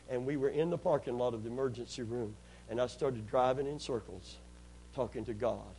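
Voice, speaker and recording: A man's voice: mid-range voice, a little fast, darkish tone, slight background noise, poor audio. A man preaching a sermon, telling a personal story earnestly, repeating phrases and calling out amen.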